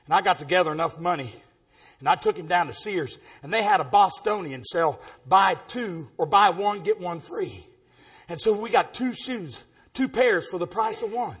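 A preacher with a strikingly high, husky voice tells stories from the pulpit. He swings between folksy asides and exuberant shouted bursts, his pitch leaping all over. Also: animated, normal speed. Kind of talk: storytelling sermon testimony.

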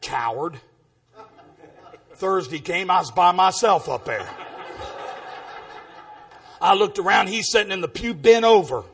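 A man preaching, telling folksy stories with exuberant shouting bursts and a husky voice. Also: sits high, animated, moderate pace, long pauses. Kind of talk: storytelling sermon testimony.

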